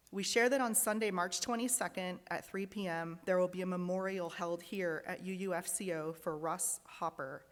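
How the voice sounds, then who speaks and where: A woman's voice: on the low side, in a large hall. A woman leading a congregation service, reading out joys and sorrows in an earnest, heartfelt way. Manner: earnest, reading aloud, emotional at times. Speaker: lay worship leader. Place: large fellowship hall.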